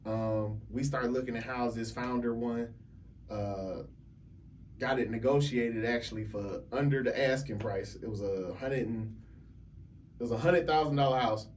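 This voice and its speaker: A man telling a story on a podcast as a realtor guest, animated and laughing often as he acts out other people's lines. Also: mid-range voice, unhurried, distant mic, slight background noise. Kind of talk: casual storytelling.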